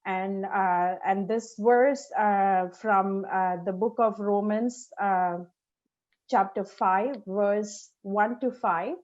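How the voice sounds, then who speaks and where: Slow, hesitant woman giving a devotional talk. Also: medium pitch, steady tone, a little mellow. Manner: slow and hesitant, many ums and uhs. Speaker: speaker at a church seniors fellowship seminar. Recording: dull lo-fi sound.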